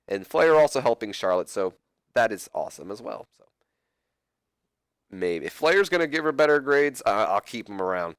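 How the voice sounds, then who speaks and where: A man hosts a let's play, talking his viewers through the game in a loose, rambling way, correcting himself and joking as he goes. His voice sits on the low side, and the recording is dry and close, with no room sound. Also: sing-song, normal speed, pauses often, a bit bright, smooth, no room sound. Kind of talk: casual gameplay commentary.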